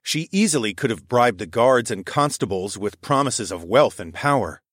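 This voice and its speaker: A man narrating a first-person story in a calm, steady reading voice. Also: mid-range voice, moderate pace, dry recording, studio quality. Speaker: audiobook narrator.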